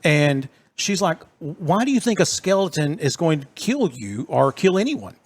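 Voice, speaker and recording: A fairly high-pitched man with a drawl spins a story for his co-host, jumping into the voices of everyone in it. His delivery is animated and chatty, a casual podcast storyteller. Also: normal speed, breathy edge. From East Texas. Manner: animated storyteller acting out quotes.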